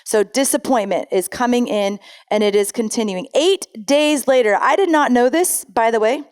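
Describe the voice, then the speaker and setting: A woman's voice: a little high, normal speed, darkish tone, smooth. A woman pastor giving a sermon in a conversational way, reading scripture aloud and often correcting herself mid-sentence.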